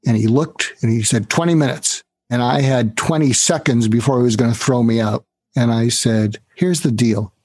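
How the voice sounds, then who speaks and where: With a slightly rough, medium-pitched voice at a moderate pace, an older author recounts a story as an interview guest, animatedly performing the quoted voices of the people involved. There's no echo on the recording.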